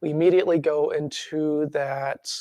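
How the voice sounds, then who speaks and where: A man teaching a tuina workshop, calmly guiding breathing and then explaining with lively acted-out examples. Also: a little high, normal speed, no room sound.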